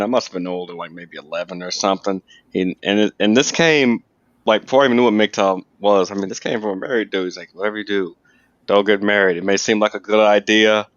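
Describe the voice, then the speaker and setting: A man casually telling a crude, joking family anecdote in a relaxed podcast chat. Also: on the low side, clean tone, dry recording, muffled recording. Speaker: podcast co-host.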